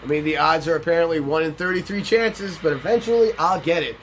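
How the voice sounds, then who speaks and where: A man's voice: fairly high pitch, fast, a bit bright, slight background noise. A young man hosting a let's play, rambling through casual, profane gameplay commentary and stories.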